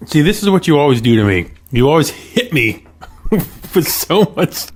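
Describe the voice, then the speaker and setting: A man's voice: on the high side, sing-song, normal speed. A man co-hosting a casual podcast, friendly and chatty, asking questions and reacting. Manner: friendly, laughs easily, chatty. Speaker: podcast co-host.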